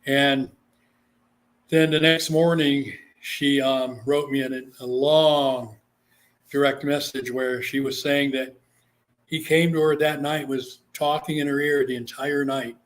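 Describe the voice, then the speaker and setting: A man with a mid-range voice, a psychic medium from Guam, tells a story slowly in a laid-back interview. His delivery is animated, and he acts out the voices he quotes.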